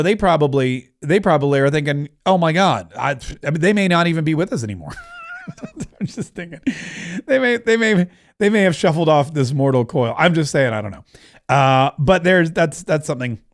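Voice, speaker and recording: A middle-aged man chats casually on his livestream, wandering from story to story and cracking jokes. His voice sits a touch higher than most men's. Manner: rambling, joking, reads out viewer comments. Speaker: livestream host.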